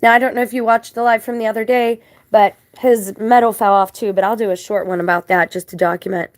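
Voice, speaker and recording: A woman's voice: mid-range voice, fairly even intonation, quick pace, dry recording. A woman telling a long story in a casual vlog, indignant and rambling, with religious turns of phrase. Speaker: vlogger.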